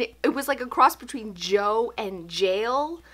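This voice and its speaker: A woman in her thirties telling a story to camera in a casual vlog, animated and breathless, breaking into laughs. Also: on the high side, a little slow, hardly any pauses. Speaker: home organizing vlogger.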